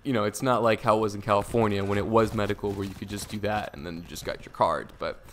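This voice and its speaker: A young man tells a story in a loose, rambling vlog manner, words tumbling out quickly with plenty of fillers. His voice sits on the low side. A faint hiss lingers behind him. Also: fairly even intonation. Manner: rambling, fast, laid-back with repeated fillers. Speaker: vlogger. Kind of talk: casual storytelling to camera.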